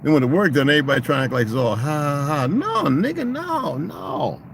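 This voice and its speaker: A middle-aged man in a casual, profane rant, swinging into loud, mocking quotes of other people. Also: a little high, big pitch swings, a little fast, creaky, slight background noise. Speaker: vlogger.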